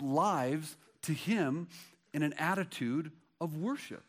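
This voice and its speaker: Man preaching with dramatic hush and surge. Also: a little high, takes it slowly. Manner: dramatic, swings between hushed and loud; acts out quoted dialogue in Bible stories. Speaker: pastor. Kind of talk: sermon.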